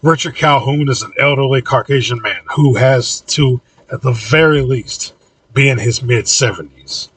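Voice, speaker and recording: A man reading his own audiobook in an even, low-key narration. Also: normal speed, slightly rough, no room sound, recorded from a distance, poor audio.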